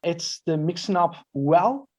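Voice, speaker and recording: A man's voice: fairly high pitch, lively intonation, slow. A man co-hosting a language podcast as a learner, asking curious questions and checking what he has understood. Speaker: co-host and English learner. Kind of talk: conversational grammar lesson.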